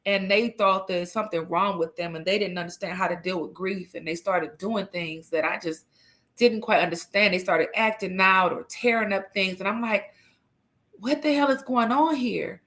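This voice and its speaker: A woman's voice: on the low side, fairly even intonation, moderate pace, fairly bright tone. A middle-aged woman hosting a livestream, telling a personal story in an earnest, emphatic and frank way. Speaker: livestream host.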